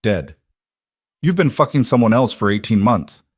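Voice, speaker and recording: A man's voice: on the low side, sing-song, moderate pace, breathy edge, no echo, clean studio sound. A man reading a story plays a betrayed grown son whose voice turns bitter and raw. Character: betrayed grown son, angry then tearful.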